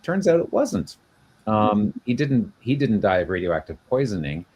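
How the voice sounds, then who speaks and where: A man's voice: on the low side, big pitch swings, normal speed, darkish tone, slightly rough. A man co-hosting a casual video-call chat, explaining at length with many fillers and restarts. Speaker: genealogy show co-host.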